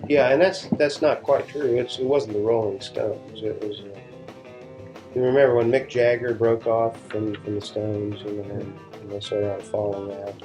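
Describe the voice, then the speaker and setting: A man's voice: lowish voice, level tone, normal speed, mellow, faint music behind. Laid-back man telling studio stories. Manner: rambling, restarts sentences, laid-back storytelling. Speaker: session guitarist, interview guest. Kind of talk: casual interview storytelling.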